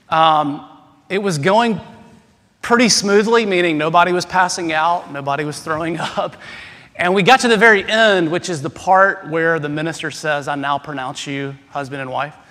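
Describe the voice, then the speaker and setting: A man, a pastor, delivering an Easter sermon, shifting between a soft prayer and humorous stories told to his congregation. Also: on the high side. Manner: humorous storytelling with self-deprecating asides. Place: large church sanctuary. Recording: long hall reverb.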